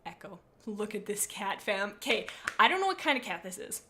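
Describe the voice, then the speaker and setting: A woman's voice: mid-range voice, big pitch swings, fairly quick, noisy background. A young woman streamer chatting playfully and dramatically while rating viewers' pet cats, rambling with silly asides. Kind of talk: casual livestream chat.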